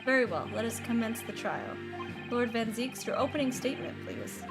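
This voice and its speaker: A woman voicing a stern older male judge in a courtroom game, measured and authoritative. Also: fairly high pitch, expressive, over loud music, lightly acted.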